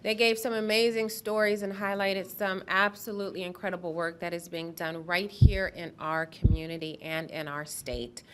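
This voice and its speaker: A woman's voice: lowish voice, fairly even intonation, moderate pace, hardly any pauses, a little hiss or hum. Woman moderating a panel. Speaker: event moderator. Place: event hall.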